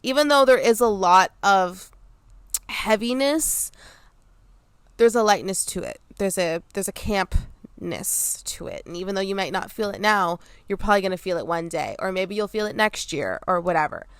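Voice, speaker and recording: Chatty young woman podcast host, smooth voice. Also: mid-range voice, lively intonation, moderate pace, no room sound. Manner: chatty, laughs easily, many ums. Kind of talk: casual solo podcast chat. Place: outdoors near an airport, under trees.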